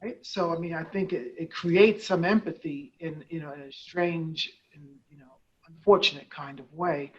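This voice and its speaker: A woman's voice: sits low, normal speed. Rambling woman host on a dull recording. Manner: rambling, many fillers and restarts. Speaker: host, nonprofit head. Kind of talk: conversational interview. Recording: dull, lo-fi sound.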